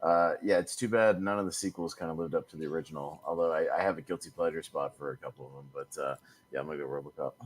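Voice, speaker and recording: A man on a panel in a casual movie podcast. He speaks in an easygoing way that trails off softly. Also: rumbling low, fairly even intonation, quick pace, a little hiss or hum, rough recording.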